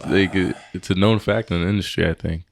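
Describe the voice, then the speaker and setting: A man with a very low voice co-hosting a casual podcast among friends. He speaks bluntly and matter-of-factly, stating his views flatly. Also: fairly quick, gravelly, no echo, clean studio sound. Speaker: podcast co-host.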